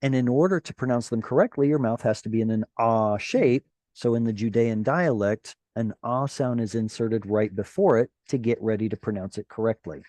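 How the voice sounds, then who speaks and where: A man teaching a Hebrew grammar class over a video call, animated and encouraging, with playful asides. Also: mid-range voice, normal speed, few pauses, no echo.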